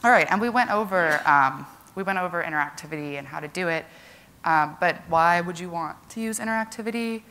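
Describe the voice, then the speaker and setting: A woman's voice: fairly low pitch, fairly quick, bright, forceful tone, slight background noise. A young woman giving a casual conference presentation to a live audience, chatty and full of "like" and "um". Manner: chatty, lots of "like" and "um" fillers.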